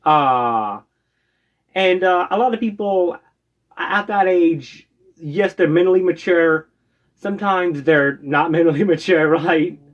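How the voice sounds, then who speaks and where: An American man with a fairly high voice speaks slowly, casually telling stories from his past. He rambles, filling gaps with lots of "uh"s and habitually tacking on "right?". The recording sounds dull and lo-fi.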